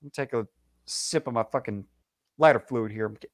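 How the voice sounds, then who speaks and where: A man's voice: mid-range voice, fast. A man calling in to a live show, telling a heated personal story with constant swearing. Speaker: caller. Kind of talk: casual call-in storytelling.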